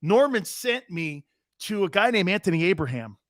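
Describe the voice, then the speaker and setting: A man in his fifties hosting a sports talk show, telling a story in a brash, animated, profane way. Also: high voice, moderate pace, dry recording, clean studio sound. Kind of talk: casual storytelling.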